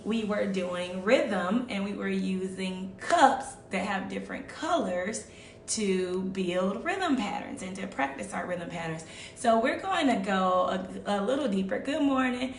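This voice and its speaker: A woman music teacher talks slowly and patiently, checking in with her young listeners again and again. She sits a little back from the mic, so the room echoes around her voice. A faint low rumble hums underneath. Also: creaky, a bit bright, recorded from a distance. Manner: patient, repeats and checks in with "all right?". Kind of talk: online music lesson for children.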